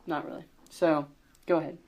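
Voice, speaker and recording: A man's voice: a little high, little pitch movement, normal speed, darkish tone. A young man co-hosting a casual podcast, rambling through an improvised story with lots of fillers and restarts, joking along the way. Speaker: podcast co-host.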